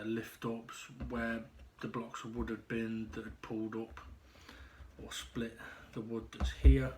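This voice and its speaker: Man vlogging at home, out of breath, stop-start delivery full of ums, mid pitch. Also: background noise. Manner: halting, pausing often with ums and restarts. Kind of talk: casual personal video diary.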